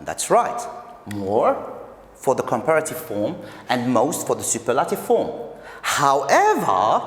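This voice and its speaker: A man's voice: mid-range voice, big pitch swings, slow. A male English teacher from Algeria giving a recorded video lesson, repeating key phrases and explaining step by step. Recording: echoey room with long reverb.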